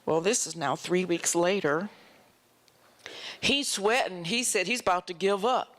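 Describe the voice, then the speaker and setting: Animated storytelling actress on stage. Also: female voice, on the low side, unhurried. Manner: animated, acts out voices in her anecdotes. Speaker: guest actress. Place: festival stage before an audience.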